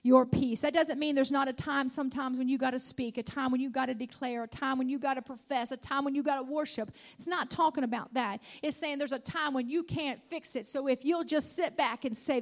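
A woman preaches with a high, bright-edged voice. She leans on repetition and punctuates her points with cries of hallelujah. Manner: emphatic, repeats lines, calls out hallelujah. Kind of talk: sermon.

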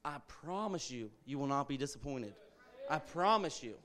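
A man's voice: mid-range voice, expressive, moderate pace, a bit bright. A young man giving an informal, earnest church sermon as a guest speaker, urging his listeners on with conversational asides.

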